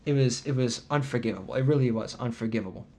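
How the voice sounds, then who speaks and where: A man's voice: medium pitch, quick pace, mellow. A man hosting a podcast, telling an indignant travel story in casual chat with sarcastic asides. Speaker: podcast host.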